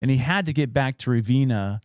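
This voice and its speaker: A man's voice: medium pitch, brisk, a little mellow, clear, resonant tone, no echo, clean studio sound. A young adult man, a podcast co-host, casually retelling a spooky old story with loose fillers and quoted dialogue.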